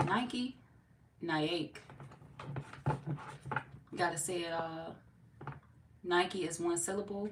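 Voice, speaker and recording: A woman chatting casually as a tarot reader, laid-back and talkative as she reads viewer comments aloud. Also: fairly low pitch. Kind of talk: casual live-stream chat. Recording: echoey room, mic far off, noisy.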